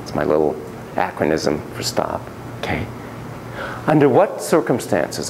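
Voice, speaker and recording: A man giving an animated classroom lecture on parenting, theatrical and jokey, acting out quotes. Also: low-pitched, measured pace, pauses often, a little hiss or hum, poor audio. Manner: theatrical, acts out quotes and monkey shrieks, jokey asides.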